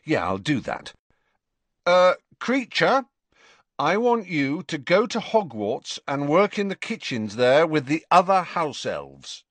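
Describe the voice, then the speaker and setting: A man's voice: fairly high pitch, sing-song, slow, a bit bright, dry recording, voice pushed up, full character voice. A man voicing a teenage boy wizard who speaks curtly and a bit flustered. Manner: curt, flustered.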